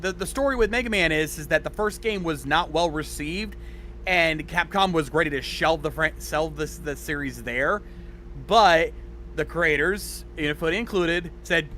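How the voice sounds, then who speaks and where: A man on a casual gaming podcast, telling industry history with enthusiasm. His voice is high for a man and sharply bright. A faint hum sits behind his mic. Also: normal speed. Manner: storytelling, explains history with enthusiasm. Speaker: podcast co-host.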